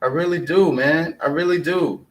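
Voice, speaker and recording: A man's voice: on the high side, normal speed, far from the mic, a crowd in the background, rough recording. Breathless, impassioned man ranting. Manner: impassioned, profane, acts out others' retorts. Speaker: host. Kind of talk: casual ranting chat.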